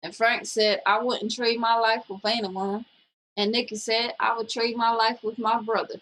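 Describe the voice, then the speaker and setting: A woman's voice: on the high side, level tone, moderate pace, fairly bright tone, rough recording. A woman co-hosting a casual show, bluntly reading viewer comments aloud and teasing her co-host.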